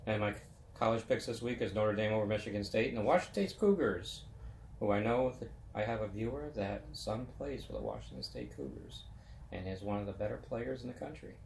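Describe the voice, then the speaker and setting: Man, 50s, web chat host, low voice, rambling folksy sports talk, roomy echo. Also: animated, brisk, gravelly, darkish tone, slight background noise.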